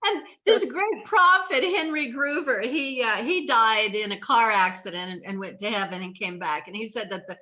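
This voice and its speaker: A woman's voice: on the high side, moderate pace, few pauses, bright, forceful tone. A woman hosting a faith talk show interview, earnest and emotional, sometimes laughing or tearful. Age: older. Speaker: host.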